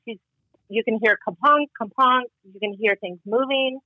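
A woman telling a personal story in casual conversation, animated and acting out the dialogue as she goes. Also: a little high, normal speed, no room sound, phone-quality sound. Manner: animated, acts out quoted dialogue. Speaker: guest.

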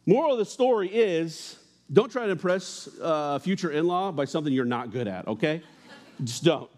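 A young man preaches to a church congregation in a loose, conversational way. His voice sits a little high, and he slips in jokes and asides between the readings. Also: lively intonation, moderate pace, a little mellow. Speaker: pastor. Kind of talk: casual sermon.

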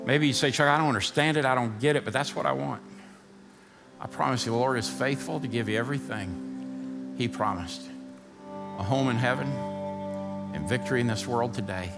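A male pastor preaching a sermon in a church, building to fired-up shouting and easing into a softer prayer. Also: mid-range voice, normal speed, vocal fry, long pauses, long reverb tail, over loud music. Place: church sanctuary.

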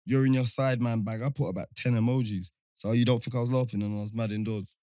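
A man's voice: medium pitch, fairly even intonation, fast talker, dark tone, no room sound, studio quality. A young man, co-hosting a podcast in casual banter, joking, laughing at his own jokes and arguing playfully in slang. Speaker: podcast co-host.

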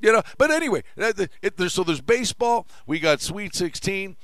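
A man's voice: sits high, animated, moderate pace, fairly bright tone, no echo. A man hosting a sports radio show, talking casually about betting and chatting with his guests, often trailing off and restarting.

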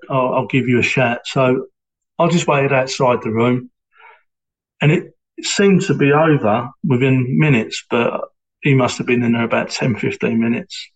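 Poor audio captures a middle-aged man, formerly a police sergeant, reflecting on his life during an interview. His voice stays steady and even, pitched in the usual middle range for a man, and his speech comes out hesitantly with many pauses and false starts.

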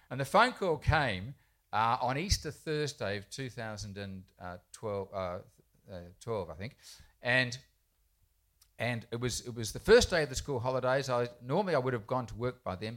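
A man's voice: mid-range voice, a bit bright. A man who writes poems for children tells a rambling, self-deprecating anecdote to a live audience in a bookshop, with frequent restarts. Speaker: children's poet speaking at a festival panel. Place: bookshop event space, indoors.

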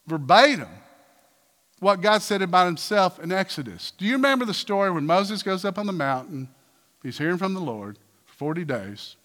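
Guy preaching a sermon, high bright voice, lively, asks the crowd questions, big reverby hall. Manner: animated preaching, rhetorical questions, acting out quotes. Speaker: pastor.

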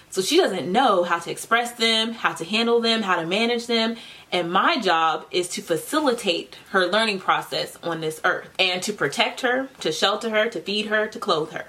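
A woman's voice: medium pitch, a bit bright. A woman in her thirties hosting a solo podcast, talking candidly and conversationally, often building her points in short lists. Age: 30s. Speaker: podcast host. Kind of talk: casual solo podcast monologue.

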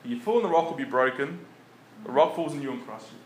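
A man preaching in a relaxed, conversational way, often chuckling between his points. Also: medium pitch, fast talker. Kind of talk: conversational sermon. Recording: echoey room with faint background noise.

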